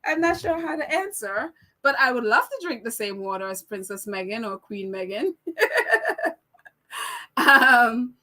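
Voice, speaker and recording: A woman with a high, bright voice hosts a casual live chat. She reads viewer comments aloud, laughs easily, and keeps stopping to correct herself and apologize. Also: lively intonation, a little slow, long pauses. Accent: non-American accent. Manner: chatty, laughs often, apologetic and self-correcting. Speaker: live stream host reading viewer comments.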